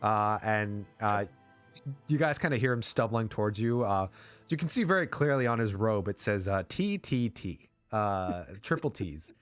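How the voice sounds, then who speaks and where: A man's voice: lowish voice, expressive, moderate pace, clean tone, dry recording, faint music behind. Rambling man narrating a tabletop game. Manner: rambling, filler-heavy narration. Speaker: game master.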